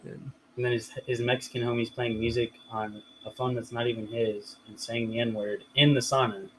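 A man's voice: medium pitch, little pitch movement, moderate pace, slight background noise, rough recording. Laid-back young man telling a story. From Riverside area, California. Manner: laid-back, profane storytelling with filler words. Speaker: podcast host. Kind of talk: casual storytelling chat.

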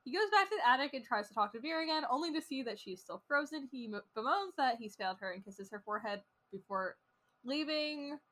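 Bright-voiced woman recapping a show. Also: high-pitched, animated. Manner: brisk plot summary, laughs often. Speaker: podcast host recapping episodes. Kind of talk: casual recap and chat.

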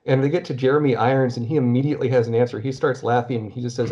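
A male podcast host chatting casually at a middle pitch. He rambles and breaks off sentences. The recording sounds dull and lo-fi. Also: fairly even intonation, very fast, warm tone. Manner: rambling, self-interrupting, chatty. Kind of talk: casual chat.

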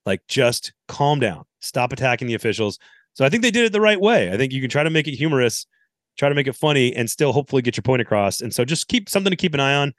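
A man's voice: mid-range voice, sing-song, very fast, a bit bright, dry recording, studio quality. A man hosting a casual sports podcast, laid-back and wry, with plenty of ums and uhs. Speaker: podcast host.

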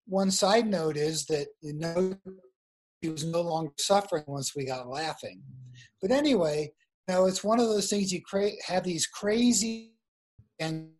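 Husky man telling a story on a call. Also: sits high, normal speed, a little mellow. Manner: chatty, laughing storyteller with restarts. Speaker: guest author. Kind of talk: casual interview storytelling. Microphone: video call. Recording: video call audio over weak wifi.

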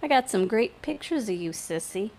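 Bossy teasing bartender lady, read by a woman, cool and in charge, mid-pitched voice. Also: lively intonation, moderate pace, a little mellow, lightly acted. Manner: taunting, commanding.

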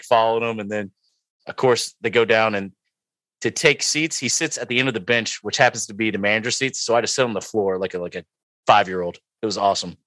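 Young guy on a podcast, low voice, dry close sound, rambly and jokey. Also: no echo. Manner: rambling, self-mocking, animated when quoting. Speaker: podcast co-host. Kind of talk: casual storytelling chat.

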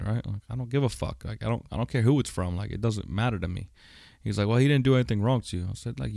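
A man's voice: deep voice, gravelly, darkish tone, clean tone, no room sound, studio quality. A man hosting a personal podcast monologue, talking bluntly with heavy swearing, many fillers and a recurring "right?". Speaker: podcast host. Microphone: studio microphone.

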